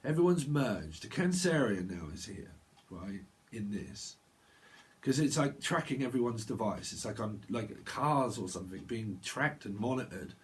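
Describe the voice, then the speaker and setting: A man's voice: on the low side, animated, a little slow. A man with a British accent giving a psychic tarot reading, rambling and free-associating, often trailing off and correcting himself. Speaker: tarot reader.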